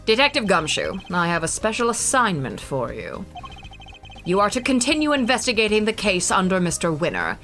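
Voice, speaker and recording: A woman voicing a composed male prosecutor, reading a game aloud in a measured, commanding tone. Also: mid-range voice, big pitch swings, a bit bright. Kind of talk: reading a visual novel aloud.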